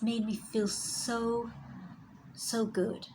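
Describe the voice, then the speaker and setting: A woman speaks in a slow, unhurried way as a spiritual healer sharing her own journey. Her mid-range voice carries a gravelly edge, and she often softens into a near whisper. Faint hiss sits under the recording. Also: mid-range voice, steady tone, poor audio. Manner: reflective, slow, sometimes drops to a whisper. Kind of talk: personal storytelling vlog.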